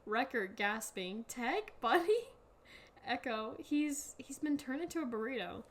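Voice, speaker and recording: Giggly young woman podcaster. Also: on the high side. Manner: giggly, reads in halting bursts with frequent laughs. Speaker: podcast co-host. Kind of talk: casual podcast chat, reading an AI story aloud.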